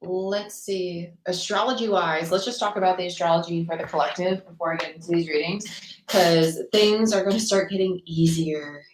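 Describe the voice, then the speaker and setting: A woman's voice: lowish voice, fairly even intonation, moderate pace, roomy sound, rough recording. Chatty woman, slightly worn voice. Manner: chatty, bubbly, rambling, greets viewers by name. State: slightly losing her voice. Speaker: tarot reader livestreaming. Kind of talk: casual livestream chat.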